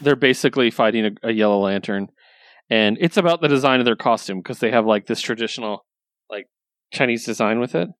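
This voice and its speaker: A brisk, medium-pitched male voice comes through on a dry recording. He hosts a relaxed chat, recounting stories excitedly with heavy use of um and like.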